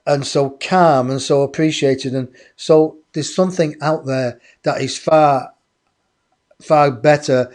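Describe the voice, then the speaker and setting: A man, a guest in an interview, telling a personal story in a lively way and acting out other people's voices. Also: a little high, slow pace. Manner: animated, acts out others' voices.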